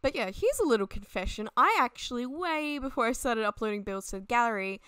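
A woman's voice: a little high, lively intonation, fairly quick, sharp tone, clear, resonant tone, no room sound, studio quality. A young woman chatting and rambling casually at her desk at home as she talks over a game speed build, laughing often. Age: young adult. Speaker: Sims 4 builder and YouTuber.

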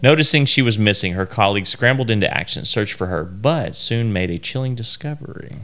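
A man co-hosting a podcast, reading facts aloud haltingly and stumbling over words. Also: fairly low pitch, expressive, fairly bright tone, faint music behind. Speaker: podcast co-host.

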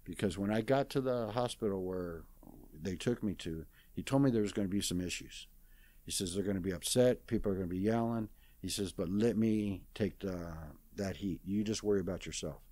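Low-voiced and warm, a man in his sixties speaks fairly quickly as an interview guest retelling a story, with no room sound on the recording. He's casual and plain-spoken, folksy, repeating "I says" and acting out others' words in quoted dialogue.

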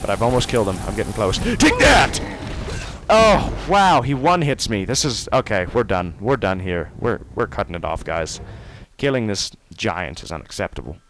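A man with a fairly low voice talks through his gameplay as he plays. He bursts into loud taunts at enemies and slips back into quiet, muttered play-by-play. Faint background noise runs under the recording. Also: brisk, hardly any pauses. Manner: excitable, yelling taunts, then muttering. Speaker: gamer. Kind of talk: let's play commentary.

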